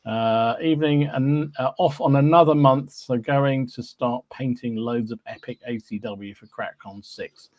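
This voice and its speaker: A man hosts a casual live show in an easygoing, rambling way, full of fillers and small hums between names. His voice sits at an ordinary middle pitch. It is recorded close and dry, with no room sound at all. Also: measured pace, hardly any pauses, a little mellow, dry recording. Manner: chatty and easygoing, with many fillers and humming. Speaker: podcast host. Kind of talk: casual live-stream chat, reading out viewer names.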